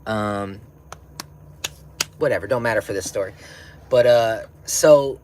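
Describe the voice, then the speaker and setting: A stoned man hosting a livestream rambles in slang, chatting casually, reading comments and laughing a lot. His voice is fairly low and darkish, and he speaks a little slowly.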